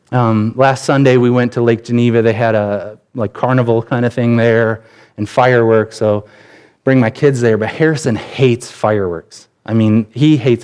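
A man in his thirties preaching a sermon as pastor, candid and conversational, telling personal stories with animated shifts. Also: medium pitch.

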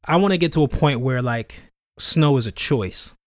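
A man's voice: mid-range voice, expressive, normal speed, no room sound, clean studio sound. A man in his thirties hosting a casual chat podcast, laid-back and slangy, often repeating himself as he talks. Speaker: podcast host.

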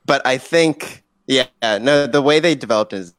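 A man's voice: medium pitch, moderate pace, fairly bright tone, no room sound. A man co-hosting a podcast in casual chat, speaking with some hesitation. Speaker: podcast co-host.

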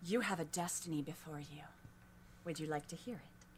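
A solemn female naiad oracle, as a woman puts her on, intoning slowly in a hushed, half-whispered voice. Her voice sits lower than usual but keeps a bright edge. She speaks as if reciting a prophecy in a tabletop game. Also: a little hiss or hum.

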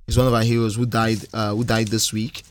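A man's voice: fairly low pitch, little pitch movement, fairly quick, a little hiss or hum. A Nigerian man co-hosting a casual talk show, emphatic and repeating himself when heated. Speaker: podcast co-host. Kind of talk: casual chat.

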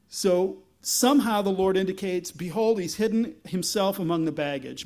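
A man with a high, light voice delivers a relaxed, conversational sermon. He has a dry, wry humor and gets lively when he reads scripture aloud. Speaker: pastor.

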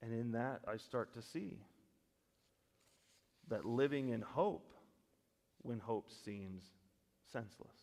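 A man preaching a sermon as pastor, switching between loud emphatic stretches and quiet, slow reflective passages, with humorous asides. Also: mid-range voice. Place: church sanctuary. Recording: long church reverb.

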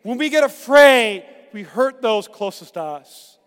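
A middle-aged pastor preaching a sermon, swinging from hushed tones to emphatic shouts. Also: male voice, very high voice, lively intonation, unhurried, clean tone. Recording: long echoing reverb.

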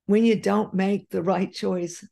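A woman's voice: mid-range voice, steady tone, takes it slowly, creaky, mellow. A woman giving an earnest, encouraging motivational monologue straight to her audience, often repeating her phrases. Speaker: motivational speaker.

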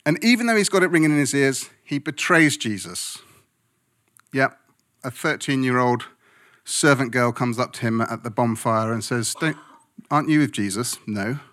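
A man's voice: medium pitch, moderate pace, a bit bright. A man preaching a sermon as a pastor, speaking emphatically and conversationally, often checking in with his listeners.

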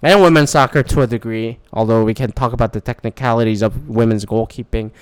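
A man's voice: mid-range voice, quick pace, clean tone, dry recording. A man ranting casually about a live wrestling show, swearing often and acting out what people said. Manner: animated, swears a lot, acts out quotes. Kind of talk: casual profane rant.

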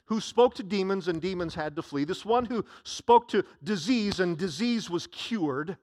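Guy preaching a sermon, high voice, really animated, goes from loud to almost quiet. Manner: animated and dramatic, swinging from loud to hushed. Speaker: pastor.

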